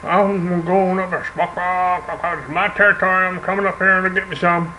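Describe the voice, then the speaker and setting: Lovestruck male turkey, folksy drawl; older man voices it in a storytelling bit, a touch higher than his own voice. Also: fairly even intonation, moderate pace, sharp tone, a little hiss or hum, low-quality recording. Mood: eager.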